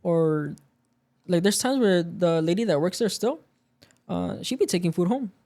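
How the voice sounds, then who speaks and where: A man's voice: high voice, animated, moderate pace, creaky, dark tone. A man in casual podcast chat, telling a story about work and acting out the quoted lines of the people in it. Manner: storytelling, acts out quoted dialogue. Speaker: podcast guest.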